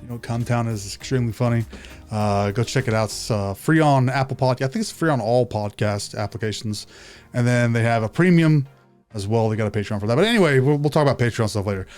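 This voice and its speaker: A man's voice: medium pitch, fast, darkish tone, soft background music. A man hosting a reaction video, chatting casually with laid-back, joking asides while wearing headphones at his home setup. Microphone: headphones on, home recording setup.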